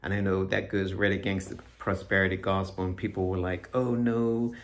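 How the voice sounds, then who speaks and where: A middle-aged man giving a personal religious testimony, earnest and halting, with frequent restarts. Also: deep voice, monotone, a little hiss or hum. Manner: reads scripture aloud. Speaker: Christian speaker giving his testimony. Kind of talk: personal testimony, reflective talk.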